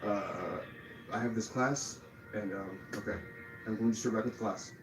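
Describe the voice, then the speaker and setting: A man's voice: lowish voice, unhurried, music in the background. A frustrated man livestreaming, rambling and repeating his apologies in a flustered way. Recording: roomy echo.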